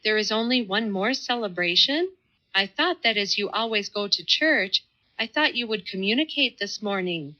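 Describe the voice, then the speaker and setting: A woman's voice: mid-range voice, animated, moderate pace, sharp tone. A woman reading an audiobook, voicing a simple, devout young village woman who talks earnestly and pleadingly. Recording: slightly muffled audio.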